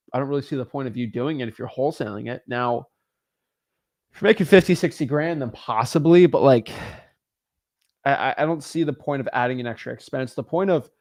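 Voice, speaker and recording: A man coaching real estate wholesalers in a casual livestream, answering viewer comments in an emphatic, motivational way. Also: mid-range voice.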